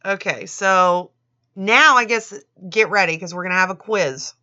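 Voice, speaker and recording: Reading a children's storybook aloud, a channel host mocks it with sarcastic, swearing commentary and laughs often. She has a mid-range voice with a sharp tone and speaks at a moderate pace. The recording is dull and lo-fi.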